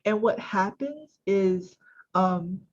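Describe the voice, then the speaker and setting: A woman trainer takes her time through a weekly software tutorial, circling back and correcting herself as she goes. Her speech is slow and loose. The sound is dull and lo-fi, like a laptop mic on a call. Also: mid-range voice, animated. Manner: chatty, self-correcting, many fillers. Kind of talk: screen-share tutorial.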